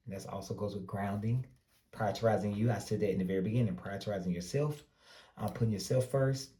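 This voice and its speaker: Low-voiced Southern man reading tarot. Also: fast talker, reverberant. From North Carolina, US. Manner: relaxed, rambling, advice-giving with self-corrections. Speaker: tarot reader. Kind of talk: casual tarot reading to camera.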